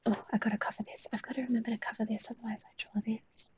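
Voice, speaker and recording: A woman with a London accent talks loosely to her live-stream chat while drawing. She jokes and swears freely in a very breathy, husky voice. The sound is dry and close, with no room echo. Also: on the high side, flat delivery, racing, darkish tone, in a whisper. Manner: joking, sweary, reads chat aloud.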